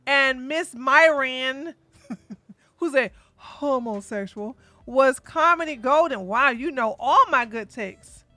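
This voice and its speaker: A woman hosting a casual livestream, chatting animatedly and breaking into loud outbursts. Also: high voice, expressive, takes it slowly, dry recording, soft background music. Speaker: livestream commentary host.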